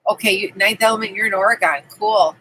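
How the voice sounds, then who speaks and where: A woman's voice: mid-range voice, fast talker, sharp tone, slight background noise, poor audio. A woman hosting a casual live stream from her camping trailer, chatting and greeting viewers by name. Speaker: livestream host.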